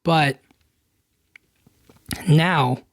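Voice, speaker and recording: Speaking extremely slowly in a steady voice on the high side, a male podcast host gives a casual film recap. He rambles through the plot with lots of fillers, repeatedly asking "you know what I mean," and the sound is clean studio audio without echo.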